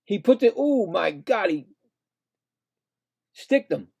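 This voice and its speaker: A man giving casual, excitable play-by-play of a hockey game, indignant and rambling with frequent restarts. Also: sits high, slow, gravelly, husky. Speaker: live play-by-play streamer.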